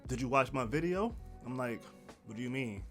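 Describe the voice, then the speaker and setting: A man vlogging seated to camera, telling a story in a casual, animated way and acting out the people he quotes. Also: medium pitch, normal speed, soft background music. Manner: animated, quotes others in raised voice. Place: indoors, seated at home. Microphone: camera mic, seated.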